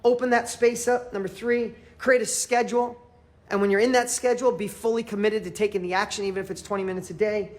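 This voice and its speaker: A man coaching a live audience in a motivational training, emphatic and fervent, repeating phrases for emphasis and swinging between loud and quiet. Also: sits high, steady tone, fast. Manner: fervent, emphatic, pep-talk delivery.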